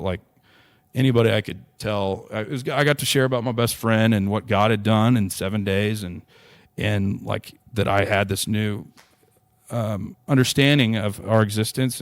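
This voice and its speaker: Low, flat-voiced young man telling a heartfelt story. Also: clear, resonant tone, no room sound. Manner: earnest, heartfelt, rambling with many restarts. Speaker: podcast guest. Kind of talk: personal storytelling in conversation.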